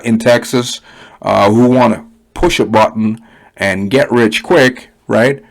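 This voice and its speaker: A man with a Canadian accent, from Canada, giving a blunt, rambling, profane unscripted rant with many fillers. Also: on the low side. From Canada (Ottawa, Ontario). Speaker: online money reviewer.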